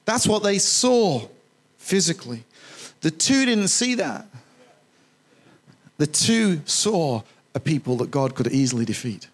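Preacher repeating phrases for emphasis. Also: male voice, on the high side, very animated, measured pace. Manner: jokes with the congregation. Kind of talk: sermon.

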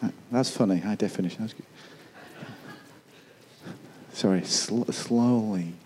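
A man preaching a sermon, retelling a Bible story with lively asides and putting on quick voices for the people in it. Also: lowish voice, slight background noise. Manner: acts out voices of soldiers and kings; chuckles and asides.

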